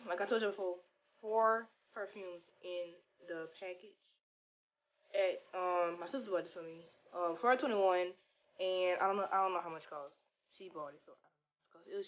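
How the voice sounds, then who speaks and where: A young woman chatting casually in a product review vlog. She talks stiffly with little mouth movement and sounds a bit flat. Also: medium pitch, lo-fi sound. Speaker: beauty vlogger.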